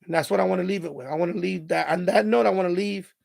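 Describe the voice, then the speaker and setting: A man hosting a live stream in casual chat, his voice raspy and hoarse from hours of talking, giving rambling advice full of "you know" and restarts. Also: high voice, fast talker, a little mellow, no echo, studio quality.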